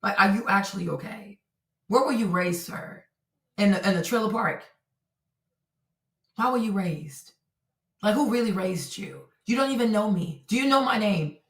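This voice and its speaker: A woman's voice: mid-range voice, animated, normal speed, long pauses, reverberant, distant mic. A woman hosting a live stream, ranting indignantly and firing off repeated rhetorical questions. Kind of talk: heated live-stream commentary.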